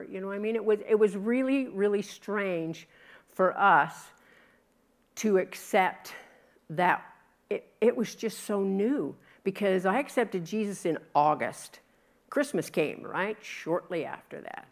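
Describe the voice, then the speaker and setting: A middle-aged woman preaches with a lot of movement in her voice, rising and falling as she acts out the reactions of people in the story. She takes her time, letting her lines land slowly and dramatically. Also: mid-range voice, lively intonation. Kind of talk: Christmas sermon with scripture reading.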